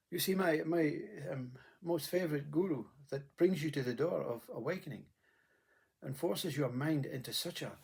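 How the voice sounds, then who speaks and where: A man giving a reflective spiritual monologue, pausing and repeating words as he searches for them. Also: a little high, darkish tone, husky. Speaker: spiritual speaker.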